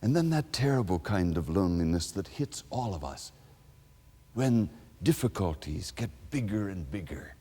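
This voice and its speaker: Low-voiced guy preaching, swings his pitch all over, echoey church hall. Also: normal speed, slightly rough. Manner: expressive storytelling, acts out quoted people. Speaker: pastor. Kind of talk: sermon.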